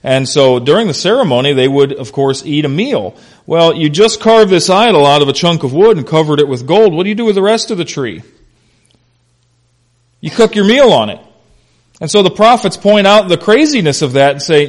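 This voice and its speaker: A man, a pastor, preaching a conversational expository sermon that swings between loud emphasis and quiet asides. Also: fairly high pitch, animated, normal speed. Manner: conversational, unscripted, frequent "uh" and "you know".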